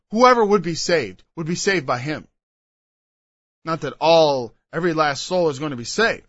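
A man's voice: high voice, bright, forceful tone, no room sound. A man preaching a sermon. He reads old scripture aloud and then explains it verse by verse. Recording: dull lo-fi recording.

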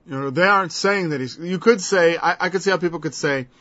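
A man's voice: on the high side, fast talker, sharp tone. A man preaching a verse-by-verse Bible teaching in a conversational way, acting out the people he quotes in changed voices. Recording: dull lo-fi recording.

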